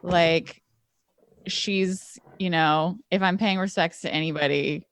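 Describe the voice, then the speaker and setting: Chill woman player, lowish voice, dry sound. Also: fairly even intonation, takes it slowly, no room sound. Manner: offhand, casual. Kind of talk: casual tabletop chat.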